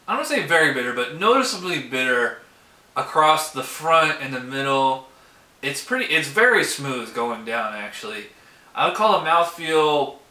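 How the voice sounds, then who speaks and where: A man's voice: medium pitch, pushed and bright. A man hosting his own beer review show, talking casually and rambling with lots of fillers as he tastes. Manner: rambling, heavy use of "like" and "um". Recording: roomy echo.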